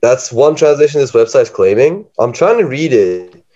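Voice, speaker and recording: A man's voice: mid-range voice, sing-song, moderate pace, mellow. A man co-hosting a casual podcast about poetry, playful, laughing often and drawing words out. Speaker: podcast co-host. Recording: dull lo-fi podcast audio.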